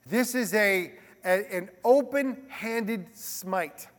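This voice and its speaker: A man preaching a sermon as a pastor, animated and conversational, with frequent asides to the listeners. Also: high-pitched, drawn-out words, long reverb tail.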